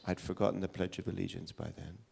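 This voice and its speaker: Man preacher, British accent with American tinge, deep gravelly voice, storytelling with restarts. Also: flat delivery, quick pace, darkish tone, slight background noise. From England. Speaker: pastor. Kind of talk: sermon. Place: church service.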